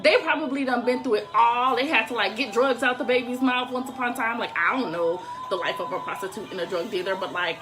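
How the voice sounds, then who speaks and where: A young woman telling a story to her viewers in a casual, animated, profane way with laughing asides. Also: on the high side, fast, hardly any pauses. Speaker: storytime vlogger.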